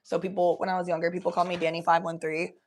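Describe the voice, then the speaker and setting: Racing along in a lowish, flat voice, this young Cincinnati-area woman is livestreaming and chatting casually. She reads the chat out loud, curses without restraint, and switches to baby talk with her pets.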